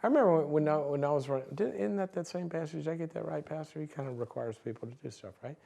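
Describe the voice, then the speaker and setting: A man, a psychologist, telling stories in a talk, animated and laughing, acting out quotes. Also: fairly high pitch, fast, creaky. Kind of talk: storytelling talk.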